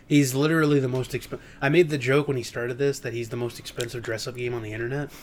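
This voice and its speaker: A man's voice: steady tone, quick pace. Casting: young male podcast co-host, loose rambling storyteller, faint hiss behind. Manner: rambling storytelling with bursts of high mocking voices. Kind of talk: casual chat.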